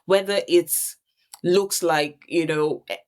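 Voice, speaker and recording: A woman's voice: fairly low pitch, steady tone, slow, a little mellow. A woman hosting a reflective faith conversation, talking earnestly and searching for her words with many restarts. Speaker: host.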